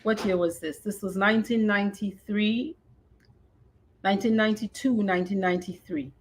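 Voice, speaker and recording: A woman in her fifties, a podcast host, reads a personal memoir in an expressive way and then chats casually, dropping in Creole phrases. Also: mid-range voice, normal speed, slight background noise.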